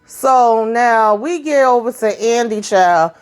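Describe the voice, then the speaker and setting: A woman's voice: a little high, slow, smooth. Sassy, blunt woman recapping a show. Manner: sassy, blunt, swears freely. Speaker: TV episode recapper. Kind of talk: casual episode recap.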